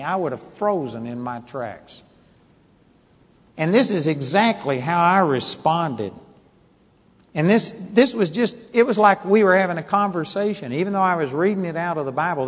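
A man preaches to a congregation, telling a personal story with earnest feeling and swelling into emphatic scripture. His voice sits a little high. The sound carries a long reverb from a church hall. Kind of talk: sermon testimony.

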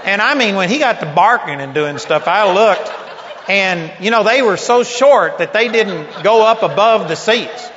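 Animated preacher man, bright voice, hall echo. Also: high voice, a little slow, slight background noise. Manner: animated storyteller, acts out quotes, laughs often. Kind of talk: sermon storytelling. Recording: dull lo-fi recording in a big hall.

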